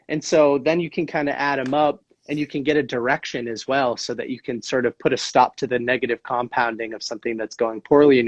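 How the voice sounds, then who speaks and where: A man's voice: medium pitch, no echo. A man with an easygoing, agreeable manner talks through an idea in casual conversation. His voice arrives over a slightly dull, dry remote line with no room sound. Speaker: guest. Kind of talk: casual conversation on a live stream.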